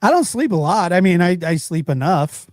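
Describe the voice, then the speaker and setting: A man hosting a live call-in show, relaxed and brief as he keeps things moving. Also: sits high, moderate pace, noisy background. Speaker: host. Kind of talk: casual call-in chat.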